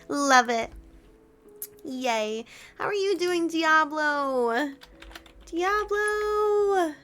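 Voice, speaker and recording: Giggly high-voiced young woman streamer. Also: expressive, very slow, long pauses. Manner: gushing, giggly, greets chat warmly. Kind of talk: casual live-stream chat.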